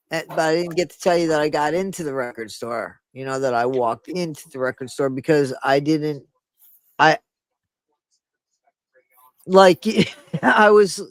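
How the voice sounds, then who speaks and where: A man in his sixties tells memories in a candid conversation, emphatic and casually profane. His voice sits a bit high. The sound is dry, with little room echo. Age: 60s. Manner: emphatic, interrupts, swears casually. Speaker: podcast co-host.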